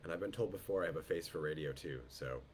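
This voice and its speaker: Male tasting host on a video call, low and throaty from a head cold, slow and descriptive, faint background noise. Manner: unhurried, descriptive, greets guests by name. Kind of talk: live online wine tasting.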